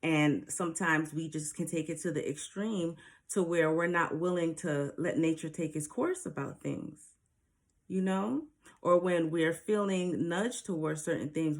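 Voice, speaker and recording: A woman giving casual spiritual advice straight to her viewers, earnest and a little preachy, often asking them rhetorical questions. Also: sits low.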